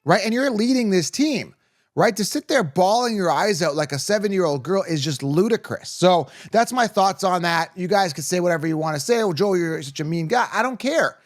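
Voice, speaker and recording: A man's voice: sits high, expressive, normal speed. A man hosting a fantasy football show, giving blunt, opinionated sports commentary to camera and often tagging lines with "okay?" or "right?".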